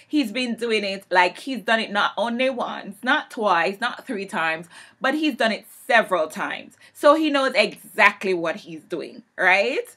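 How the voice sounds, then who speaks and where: A woman vlogging a heated rant about her teaching job, her voice bright and ringing. She tells the story emphatically, climbing louder and higher whenever the anger comes back. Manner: emphatic storytelling, swings loud and high when heated. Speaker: English teacher. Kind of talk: vlog rant.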